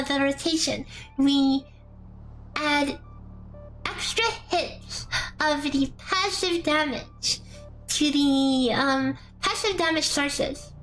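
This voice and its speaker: A woman with a high, bright voice talks slowly through a game calculator on a casual live stream. She rambles in a chatty way, tossing in playful asides. Soft background music plays under her. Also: low-quality recording. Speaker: streamer explaining a damage calculator. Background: faint background music.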